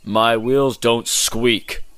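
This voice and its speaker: A man's voice: medium pitch, expressive, moderate pace, a little hiss or hum, close to an everyday voice. A man voicing a proud, boastful big male express engine who talks in a pompous, huffy way.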